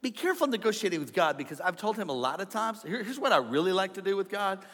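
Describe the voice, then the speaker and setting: A middle-aged man preaching a comedic sermon, animated, joking and acting out the voices of his listeners. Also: high voice, fast talker. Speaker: pastor. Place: large church hall. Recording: sermon in a reverberant church.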